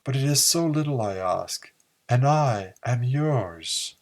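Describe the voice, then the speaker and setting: A man voicing a seductive, mysterious siren woman in a soft, purring voice. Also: medium pitch, expressive, takes it slowly, voice pushed up. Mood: tempting.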